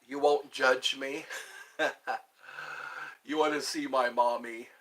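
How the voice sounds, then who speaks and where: A man's voice: medium pitch, fairly even intonation, slow, fairly bright tone. A man hosting a livestream from his home, chatting casually and answering viewers' questions in a rambling way. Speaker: livestream host. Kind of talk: casual chat reading viewer comments.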